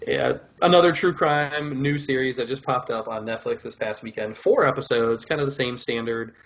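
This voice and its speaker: A man's voice: mid-range voice, moderate pace, fairly bright tone, highs cut off. A man co-hosting a podcast, chatting casually and rambling with lots of filler words. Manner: rambling, full of "like" and "whatever". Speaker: podcast co-host. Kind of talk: casual chat reviewing shows.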